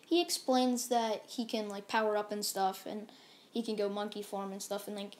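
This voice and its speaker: A woman's voice: medium pitch, fairly even intonation, moderate pace, darkish tone, a little hiss or hum. A woman casually narrating a fan-made story, rambling and full of fillers.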